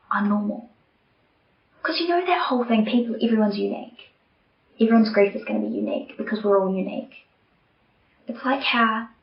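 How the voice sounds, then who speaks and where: Young woman podcast host, earnest and open, soft near-whispers at times; roomy, slightly muffled home recording. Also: medium pitch, gravelly. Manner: candid, earnest, softening to near-whispers at tender moments. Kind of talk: personal reflective monologue.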